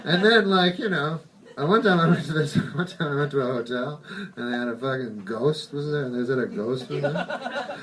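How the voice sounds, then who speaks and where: A man doing live stand-up, deadpan and rambling, swearing often and contradicting his own claims. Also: a little high, normal speed. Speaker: stand-up comedian. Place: comedy club. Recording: distant audience bootleg with laughter. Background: audience laughing.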